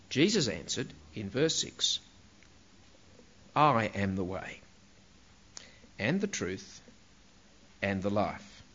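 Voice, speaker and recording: A man's voice: mid-range voice, lively intonation, measured pace, long pauses, a bit bright, muffled recording. A man preaching a sermon, in an emphatic way, asking rhetorical questions and stressing key words.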